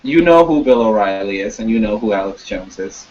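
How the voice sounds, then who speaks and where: A man talking casually and rambling, with halting restarts and frequent swearing. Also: on the low side, lively intonation, a little mellow. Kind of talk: casual chat. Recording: dull lo-fi sound.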